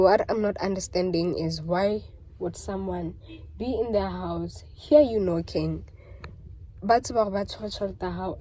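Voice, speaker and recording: A woman's voice: fairly low pitch, warm tone, breathy edge, rough recording. A young South African woman vlogging candidly and emotionally, switching languages mid-sentence and repeating herself. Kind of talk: candid confessional vlog.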